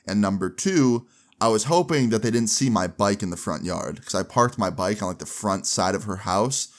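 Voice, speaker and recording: A young man telling a personal story in a casual, slangy way for a vlog. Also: on the low side. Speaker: vlogger.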